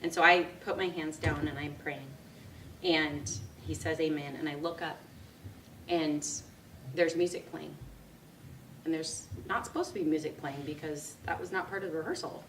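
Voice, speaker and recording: A woman's voice: sits low, moderate pace. Woman telling a story in a speech, laughs a lot, mic kinda far off, faint room hum. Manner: lively storytelling, laughs often. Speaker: speaker giving a speech. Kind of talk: personal anecdote speech. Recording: echoey room, mic from a distance.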